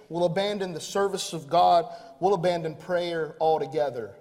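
A man preaching a sermon as pastor, with rhythmic repetition that builds to loud, emphatic peaks. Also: fairly high pitch, moderate pace. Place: church sanctuary. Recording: long hall reverb.

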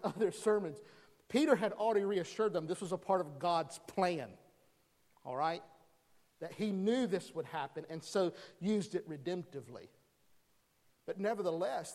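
A man preaching a sermon as a pastor, animated, acting out crowd dialogue as he teaches. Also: high-pitched. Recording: long hall reverb.

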